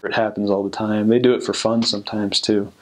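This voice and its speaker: Relaxed young man, lowish voice. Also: brisk. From United States. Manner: relaxed, rambling with frequent fillers and restarts. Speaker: returned missionary. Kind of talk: casual storytelling and advice.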